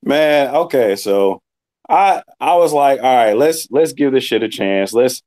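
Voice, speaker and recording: A man's voice: medium pitch, animated, unhurried, a little mellow. Laid-back swearing young man. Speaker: co-host. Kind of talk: casual ranting chat.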